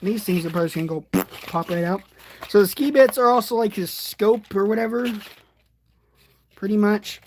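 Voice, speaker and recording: An eighteen-year-old man chatting casually from his bed during a livestream unboxing, rambling and excitable, and often poking fun at himself. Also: high voice, moderate pace, long pauses, a little hiss or hum. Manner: excitable, rambling, self-deprecating. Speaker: toy reviewer streaming.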